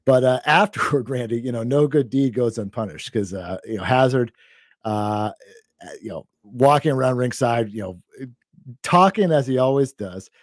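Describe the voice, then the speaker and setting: A man's voice: mid-range voice, normal speed, no echo, studio quality. A man co-hosting a podcast, chatting casually through a wrestling recap with lots of fillers and the odd laugh. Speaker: podcast co-host.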